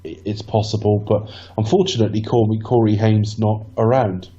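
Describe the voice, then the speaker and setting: A man's voice: fairly low pitch, fairly even intonation, moderate pace, dark tone, dull audio. A man co-hosting a podcast film commentary, musing in a rambling, thoughtful way. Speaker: podcast co-host. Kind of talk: casual film commentary chat.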